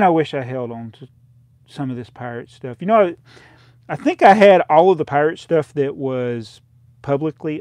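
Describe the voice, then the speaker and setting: Casual male stream host, a little high-pitched, dry close mic, chatty and self-mocking. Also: creaky, darkish tone, no room sound. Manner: rambling, reading out prices, laughing at himself. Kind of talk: casual live stream chat. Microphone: close desk microphone.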